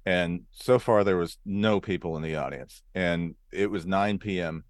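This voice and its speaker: A man from Arizona, a comedian guest on a podcast, with a low-pitched voice and a lively storytelling flow. He slips into quick character voices as he talks, and the sound is dry and close with no room around it. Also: no room sound.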